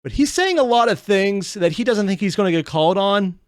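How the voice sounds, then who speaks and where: A man hosting a reaction channel, rambling casually and thinking out loud as he comments. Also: high-pitched, expressive, brisk, clear, resonant tone, dry recording, clean studio sound. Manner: rambling, thinks aloud with restarts.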